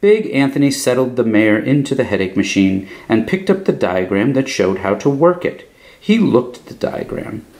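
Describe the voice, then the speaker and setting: Man, children's storyteller, expressive, lively lilting reading. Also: mid-range voice, moderate pace. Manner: expressive, animated. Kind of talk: reading a picture book aloud.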